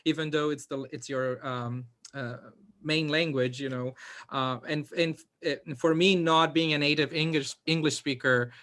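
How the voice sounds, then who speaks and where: A man's voice: fairly high pitch, fairly even intonation, unhurried, a bit bright. A man with a Brazilian Portuguese accent, a non-native English speaker, talking as a conductor in a hesitant, self-deprecating way.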